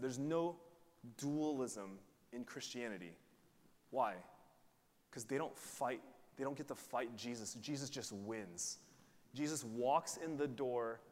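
A man preaching a sermon to his church in a casual, joking, conversational way, often checking in with "right?". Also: mid-range voice. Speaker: pastor. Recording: long hall reverb.

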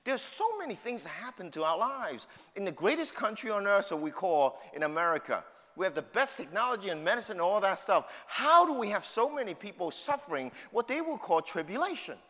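A man's voice: sits high, sing-song, brisk, few pauses, bright, forceful tone. A middle-aged man with a New York City accent preaching a sermon, emphatic and full of rhetorical questions. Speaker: pastor. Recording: long hall reverb.

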